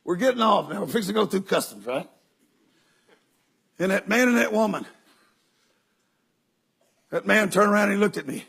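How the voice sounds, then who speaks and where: An older man preaching, telling stories in an animated way that breaks into shouts and laughter. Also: high voice, normal speed, creaky, long pauses, slightly rough. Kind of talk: sermon storytelling.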